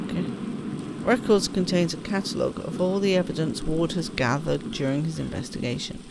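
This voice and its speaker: Over clear game music and a noisy background, a woman with a lowish voice chats through a casual let's-play. She's a gaming streamer who pokes fun at herself while reading the game's on-screen text out loud.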